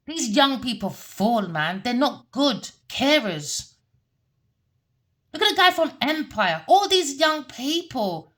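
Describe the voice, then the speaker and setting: A woman rants through a tarot reading, her fairly high voice heated and full of curses. She repeats herself and scolds the people she talks about. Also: very animated, slow, a bit bright. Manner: heated, cursing, repetitive. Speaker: tarot reader.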